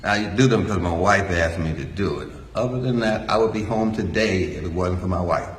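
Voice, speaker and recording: A man's voice: deep voice, a little fast. An older man giving a folksy, joking talk to a live audience. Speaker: speaker. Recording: echoey hall.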